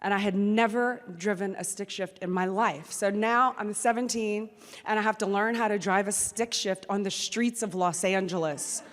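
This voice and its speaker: A middle-aged woman from New Orleans telling an animated personal story in an excitable, chatty way. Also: mid-range voice, moderate pace. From New Orleans, USA. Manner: excitable, chatty, acts out her own past talk. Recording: long hall reverb.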